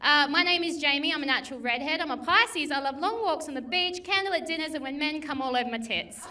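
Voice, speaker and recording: A woman's voice: high-pitched, fast, pushed and bright. A woman stand-up comedian, brash and bawdy, talking confidently to a club crowd. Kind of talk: stand-up set and interview.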